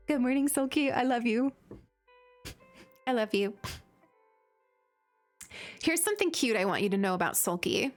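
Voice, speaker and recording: A young woman streaming, chatting casually and giggling, with lots of filler words. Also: mid-range voice. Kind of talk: casual chat while gaming.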